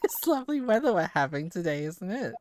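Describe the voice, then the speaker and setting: A woman's voice: on the low side, big pitch swings, fairly quick, darkish tone, a little hiss or hum, voice pushed up. A woman streamer voicing a courteous, cheerful young Japanese female assistant in a formal, polite manner.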